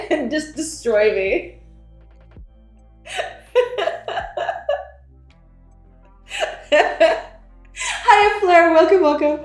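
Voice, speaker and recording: Young woman streamer rambling and giggling a lot, tripping over words, roomy echo, faint music in the back. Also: a little high. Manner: giggly, laughs often, trips over words. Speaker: game developer streamer. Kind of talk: casual livestream chat, greeting viewers.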